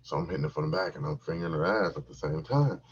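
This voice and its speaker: Gravelly, deep-voiced man telling crude stories. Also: racing, lo-fi sound, slight background noise. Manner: animated, crude, repeats himself for laughs. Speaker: podcast host telling a story. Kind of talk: profane comic storytelling.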